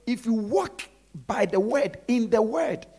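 A preacher delivering a sermon who repeats phrases and drops to low murmurs between emphatic lines. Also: lively intonation, a little slow, warm tone.

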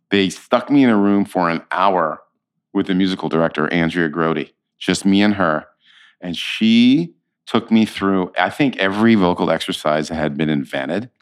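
A man who is an actor and interview guest, telling stories in an animated way, with frequent restarts and laughter. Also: deep voice, clean tone. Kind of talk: conversational anecdotes.

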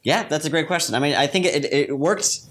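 A man's voice: a little high, a little fast, a bit bright, slight background noise. A young man, a guest commentator in a political discussion, explaining at length with many fillers.

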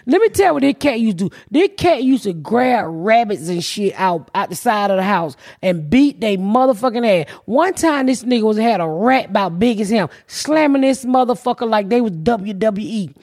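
Animated gravelly-voiced woman telling stories. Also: on the high side, moderate pace, few pauses. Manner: profane, animated, acts out voices in quotes. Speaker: podcast host telling stories. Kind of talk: casual comedic storytelling.

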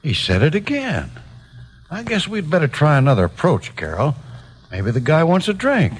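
An actor playing a gruff, dry-joking older sidekick in a 1950s radio drama. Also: male voice, fairly high pitch, huge pitch swings, normal speed, full character voice. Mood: wry.

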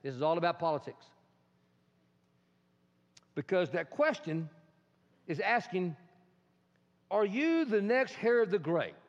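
A man preaching a sermon as a pastor, swinging between loud and hushed delivery and acting out quotes. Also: high-pitched, very animated, unhurried, pauses often. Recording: dull sound in a reverberant hall.

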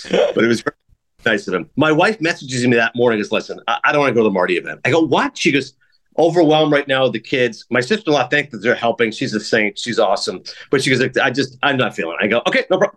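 A middle-aged man hosting a podcast, telling casual stories at a rapid clip and acting out what people said. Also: medium pitch. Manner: rapid, animated anecdotes with acted-out quotes. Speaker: podcast host. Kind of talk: casual storytelling chat.

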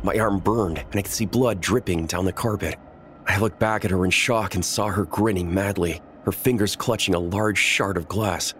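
A man narrating a first-person horror story in a measured, tense storytelling manner. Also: deep voice, a bit bright, a little hiss or hum.

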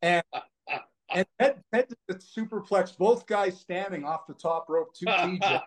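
A man, a podcast guest, telling stories in a rambling, animated way full of fillers. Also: sits high, a little slow. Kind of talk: casual storytelling conversation.

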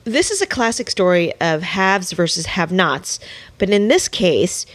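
Woman, podcast host, animated pitch, probing interviewer. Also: a little slow. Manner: engaged, probing questions.

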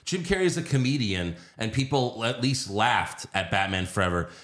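Low-voiced man in profane movie chat. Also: normal speed. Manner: profane, animated, does mocking impressions.

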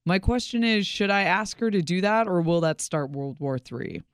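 A woman, a web producer, reading a listener's email aloud slowly and deliberately on a radio show. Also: on the low side, animated, clear, resonant tone, no room sound, clean studio sound.

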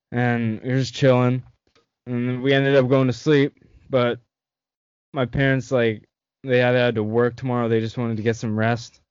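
A man's voice: medium pitch, darkish tone, clear, resonant tone, no room sound. A young man from Canada hosting a casual chat with friends, telling stories and laughing often with plenty of swearing. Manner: laughing storyteller, lots of swearing. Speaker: host. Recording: dull lo-fi dry sound.

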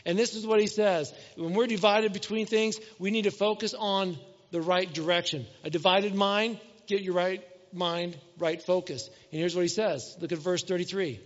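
High-voiced pastor in an echoing hall. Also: male voice, steady tone, moderate pace. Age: middle-aged. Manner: conversational, asks the crowd questions, acts out everyday scenes. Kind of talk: sermon. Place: church hall. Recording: dull sound with long hall reverb.

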